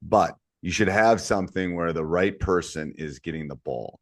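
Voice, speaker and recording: A man co-hosting a podcast about coaching youth basketball, talking in a relaxed, storytelling way with low asides. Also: moderate pace, no echo, clean studio sound. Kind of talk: casual podcast chat.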